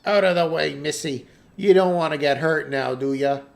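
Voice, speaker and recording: A man's voice: on the high side, moderate pace, creaky. A man voicing a cocky axe-wielding soldier in a game playthrough, threatening in tone. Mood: menacing.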